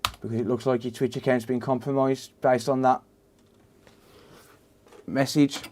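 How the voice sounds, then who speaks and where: A man's voice: medium pitch, level tone, unhurried, slight background noise. Chatty English man streaming a repair. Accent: Black Country English. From England. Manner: chatty, laughs often, talks to chat by name. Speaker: livestream host. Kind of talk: casual live-stream chat while repairing.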